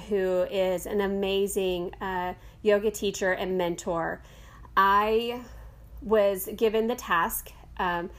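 A middle-aged woman, a yoga teacher, hosting a podcast in a casual, rambling monologue full of fillers and self-corrections. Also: medium pitch.

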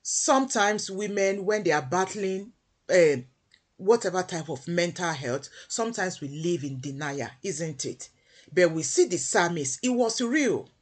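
Female preacher, husky, slow and emphatic, lively pitch swings. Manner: emphatic, repeats phrases for weight. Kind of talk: devotional sermon.

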